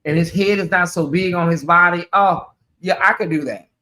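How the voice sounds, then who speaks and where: Sassy male host chatting on a livestream with a high, crisp, bright voice. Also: moderate pace. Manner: sassy, chatty, calls listeners honey and y'all. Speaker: channel host. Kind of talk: casual livestream chat.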